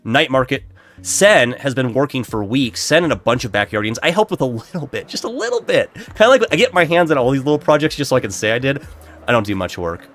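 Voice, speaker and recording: This male Minecraft streamer talks fast and expressively in a mid-range, fairly bright voice, congested and nasal from allergies. Lo-fi music plays behind him as he chats casually with his audience, poking fun at himself during the game.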